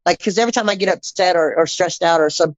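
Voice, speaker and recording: Low-voiced woman telling her story bluntly. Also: fast talker, no room sound. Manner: blunt, animated storytelling with frequent restarts and quoted dialogue. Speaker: podcast guest. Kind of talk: personal testimony storytelling. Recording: slightly dull, dry audio.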